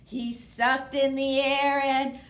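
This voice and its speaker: A children's librarian reading a picture book aloud, slow and dramatic. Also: female voice, high-pitched, little pitch movement. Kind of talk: storybook read-aloud. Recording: roomy echo.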